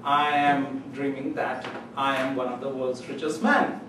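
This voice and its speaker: A man telling a humorous story in a club speech, acting out other people's voices with sudden high, loud lines. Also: level tone, a little slow. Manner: storytelling, acts out voices with rising pitch. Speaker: club speaker. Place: meeting room. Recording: echoey room from far off, faint noise.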